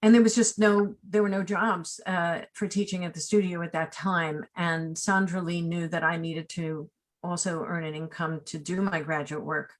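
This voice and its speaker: A woman in her sixties, a casting director being interviewed, who tells personal stories in an animated, rambling way full of asides and tag questions. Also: fairly low pitch, moderate pace. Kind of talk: remote interview, personal storytelling.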